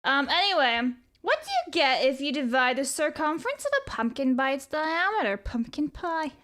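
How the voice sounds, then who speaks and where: A woman's voice: sits high, very animated, normal speed, hardly any pauses, a bit bright. A woman livestreamer chatting casually and reading viewer messages aloud. She rambles, jokes and swears freely. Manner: rambling and profane, reads chat aloud. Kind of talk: casual live stream chat.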